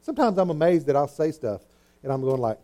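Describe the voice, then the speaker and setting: A man's voice: fairly high pitch, sing-song, fast talker, warm tone. A middle-aged male pastor preaching a sermon, earnest and emphatic, repeating his points.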